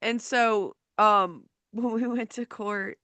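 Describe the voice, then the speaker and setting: A woman's voice: fairly high pitch, steady tone, slow pace, bright, forceful tone, dry recording. A woman who works as a paralegal, telling a courtroom story in casual, profane chat and laughing as she goes. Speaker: podcast host.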